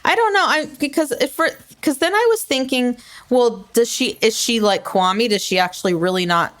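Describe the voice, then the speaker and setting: A woman's voice: on the high side, moderate pace, fairly bright tone. A woman co-hosting a podcast in casual chat, recapping scenes in an easygoing, conversational way. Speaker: podcast co-host.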